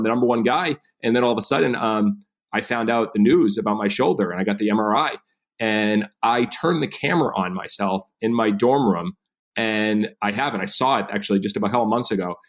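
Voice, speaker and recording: A man in his thirties, a podcast guest telling his story with energy and animation. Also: fairly low pitch. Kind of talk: storytelling interview.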